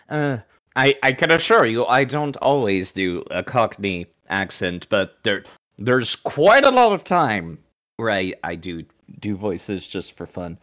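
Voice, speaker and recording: A man's voice: on the low side, big pitch swings, takes it slowly, a bit bright. A man voice actor joking around on a stream call, his throat strained from doing voices. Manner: jokey, playful. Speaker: voice actor guest. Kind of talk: casual chat on a stream call.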